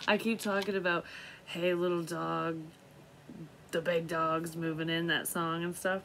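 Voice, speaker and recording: A woman's voice: sits low, fairly even intonation, a little slow, long pauses, noisy background. A middle-aged woman giving a casual, rambling tarot reading, swearing freely and laughing at herself. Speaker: tarot reader.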